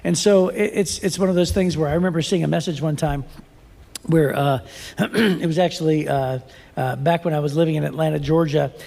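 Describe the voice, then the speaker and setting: A man's voice: fairly high pitch, a little fast, creaky, darkish tone, big-room sound. A man co-hosting a Bible podcast, talking in a casual, rambling way with fillers and restarts. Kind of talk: casual chat.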